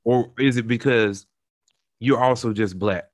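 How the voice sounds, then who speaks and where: A young man talks it through, earnest and searching, stopping and restarting as he builds examples. His voice sits at a middle pitch, and the recording is close and dry with no room sound. He sounds like a host in casual conversation. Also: measured pace, no room sound. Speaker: podcast host.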